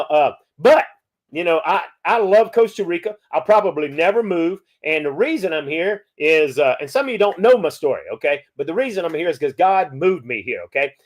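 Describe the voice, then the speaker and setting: A folksy man, hosting a live chat and answering viewer questions, often tagging his points with "okay?". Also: high voice. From Louisiana. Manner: folksy, peppers talk with "okay?". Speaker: podcast host.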